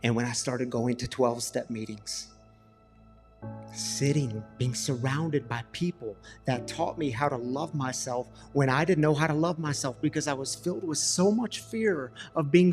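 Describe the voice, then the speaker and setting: A middle-aged man preaching a passionate sermon, swinging from emphatic questions to soft confessional tones. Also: fairly high pitch, long reverb tail. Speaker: pastor.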